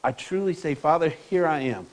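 A man's voice: on the high side, expressive, a little fast. A man preaching a sermon, reading scripture aloud and pressing his point with rhetorical questions and repetition. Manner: reads scripture aloud to the congregation. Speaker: pastor.

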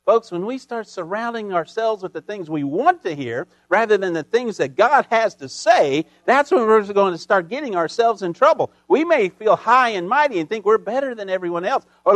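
A man preaching a sermon as pastor, folksy and full of homespun sayings, building emphatically to loud peaks. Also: sits high, lively intonation, normal speed, hardly any pauses, no echo.

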